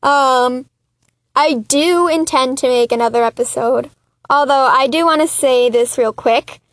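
A woman's voice: high voice, measured pace, no echo. A woman hosting her own solo political commentary podcast, talking in an impassioned, exasperated rant with chatty, self-mocking asides. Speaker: podcast host.

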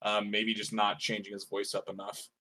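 A man co-hosting a casual review podcast, talking in a measured, analytical way with frequent "uh" and "like". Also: on the low side, monotone, sharp tone. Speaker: podcast co-host reviewing a show.

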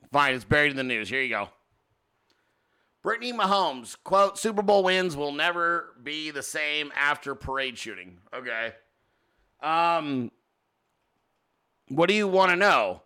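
Male host, casual livestream rant, profane, exasperated, fairly high voice. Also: bright, forceful tone. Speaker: political commentary host.

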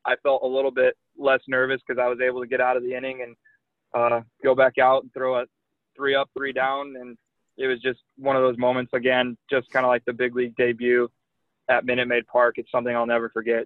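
Young guy pitcher telling a story on the phone, flat-ish voice, tinny dry line. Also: a little fast, no echo. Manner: animated anecdote telling with many likes and you knows. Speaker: guest, pro baseball pitcher. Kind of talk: casual storytelling.

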